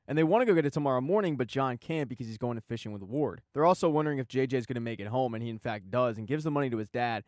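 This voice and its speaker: Male recap host, talks fast and casual, irreverent jokey tone, dry voice. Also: mid-range voice, a little mellow, no room sound. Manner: irreverent, joking asides. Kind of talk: casual scripted recap narration.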